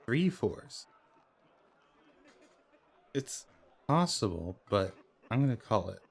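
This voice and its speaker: Slow, lively man calling dice bets. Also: lowish voice, vocal fry. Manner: excitable, laughs and swears at close calls; reads in-game dialogue aloud in plain voice. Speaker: gamer playing a dice game. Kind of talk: casual let's play commentary.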